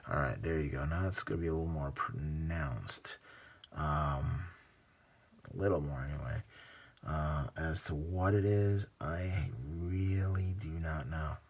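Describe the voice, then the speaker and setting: Low-voiced man muttering while he paints. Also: unhurried. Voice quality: mumbling, muttering to himself, drifts into whispers. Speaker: hobby painting channel host. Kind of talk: casual running commentary while painting.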